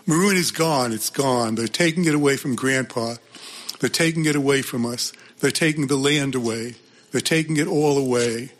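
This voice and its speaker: A man reading the part of a tired parent who gently breaks bad news to a child, repeating himself in resignation. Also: mid-range voice, moderate pace, lightly acted. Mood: resigned. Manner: resigned, repetitive, apologetic.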